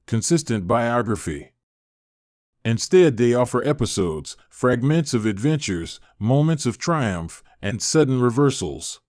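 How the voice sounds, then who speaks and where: A man narrating a bedtime history story in a calm, soothing, slow voice. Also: medium pitch, dry recording, clean studio sound. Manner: slow, soothing, even delivery.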